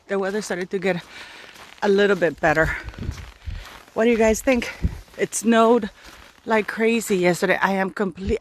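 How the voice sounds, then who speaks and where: A woman vlogs her opinions to a small video camera in a loose, chatty way. She rambles and restarts often as she builds her points, and her voice sits in a middle pitch. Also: a little hiss or hum. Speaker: vlogger commenting on celebrity news. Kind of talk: casual opinion vlog.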